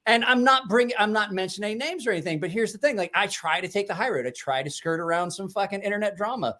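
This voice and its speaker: A man's voice: high-pitched, quick pace, pushed and bright. A man hosting a casual livestream chat, talking in a loose, profane, rambling way with frequent restarts. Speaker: livestream host.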